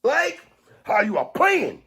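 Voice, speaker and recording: A man doing an over-the-top impression of a gruff male wrestler, with a loud, hammy, growling drawl. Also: extremely high pitch, wildly swooping pitch, takes it slowly, full character voice. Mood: hyped. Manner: loud, hammy, bellowing praise. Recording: noisy replayed stream clip.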